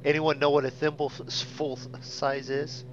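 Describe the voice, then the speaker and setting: A man's voice: on the high side, moderate pace. Easygoing man on a dull, noisy mic. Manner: easygoing, laughing, stumbling over words. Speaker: pilot on a flight sim stream. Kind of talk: casual chat. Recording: dull lo-fi mic with steady noise.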